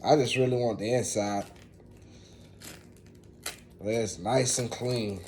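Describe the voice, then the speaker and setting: A man's voice: medium pitch, steady tone, takes it slowly, a little mellow, a little hiss or hum. A man, chatting casually to viewers in a laid-back way while he cooks. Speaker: home cook. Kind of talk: casual cooking vlog.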